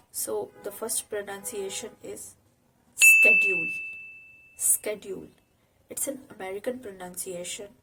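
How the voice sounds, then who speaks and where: Slow, patient Indian English teacher woman. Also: mid-range voice, noisy background. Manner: slow, patient, stresses each target word loudly. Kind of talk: pronunciation lesson to camera.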